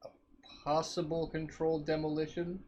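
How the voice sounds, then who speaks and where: A man's voice: fairly high pitch, completely flat delivery, normal speed, a little mellow, highs cut off, a little hiss or hum. A man co-hosting a casual chat show, joking and wisecracking. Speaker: podcast co-host.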